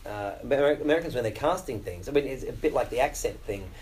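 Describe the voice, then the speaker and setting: A middle-aged Australian actor talking casually in an interview, chatty and self-deprecating, with many fillers and restarts. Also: male voice, medium pitch, expressive, quick pace, darkish tone, low-quality recording.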